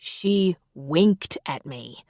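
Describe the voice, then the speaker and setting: Female narrator voicing a wry, joking veteran guy for an audiobook, low and dry. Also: animated, extremely slow, dark tone, no echo, full character voice. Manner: teasing, wry. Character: easygoing grinning male veteran.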